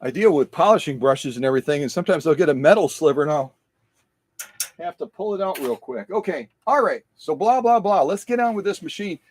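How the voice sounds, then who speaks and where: Middle-aged male workshop host, talkative and self-mocking, a touch high-pitched, dry recording. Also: no echo. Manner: chatty, repeats phrases, self-deprecating. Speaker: livestream host restoring sewing machines. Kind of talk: casual live-stream chat while working.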